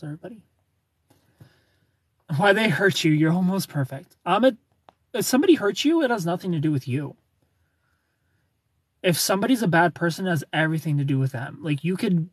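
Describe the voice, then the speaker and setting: Male streamer, slightly high, husky voice, tired, loose chatty delivery, dry sound. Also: no echo. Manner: rambling, reads and answers chat, thanks followers. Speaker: live streamer. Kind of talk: casual live-stream chat. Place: airport terminal.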